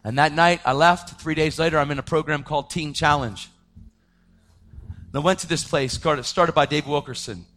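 A man's voice: a little high, moderate pace. Dramatic man preaching his testimony. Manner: dramatic storytelling, swinging from loud to hushed; acts out the voices of people in his story. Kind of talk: testimony sermon.

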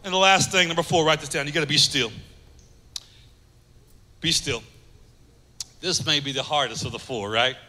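Bright-voiced man preaching in a reverberant church. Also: on the high side, moderate pace, pauses often. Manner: earnest, repeats phrases for emphasis, drops soft for key lines. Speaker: pastor. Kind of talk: sermon.

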